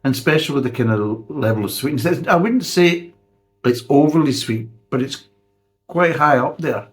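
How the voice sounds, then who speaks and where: A man's voice: medium pitch, expressive, moderate pace, soft background music. A man, reviewing a beer in a blunt, sarcastic way and swearing freely. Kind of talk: casual spoken review.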